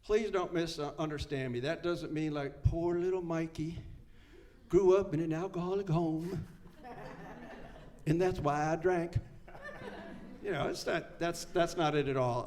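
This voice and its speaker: Older man telling his recovery story. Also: fairly high pitch. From Maryland, United States. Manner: conversational storytelling, self-mocking humor. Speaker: AA speaker. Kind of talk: recovery meeting share. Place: meeting room before a live audience.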